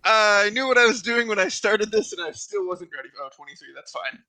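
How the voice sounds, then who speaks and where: Soft-spoken, bright-toned male player. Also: high voice, expressive, fairly quick, dry recording, rough recording. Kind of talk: playing a tabletop game.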